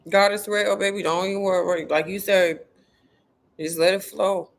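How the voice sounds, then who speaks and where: A woman speaking at a middle pitch in relaxed livestream chat. She is blunt and salty, tosses in slang and profanity, and circles back on her words to stress a point. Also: moderate pace. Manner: blunt, profane and slangy, talking straight to viewers; emphatic, repeats herself for stress. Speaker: spiritual content creator. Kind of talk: casual livestream talk to viewers.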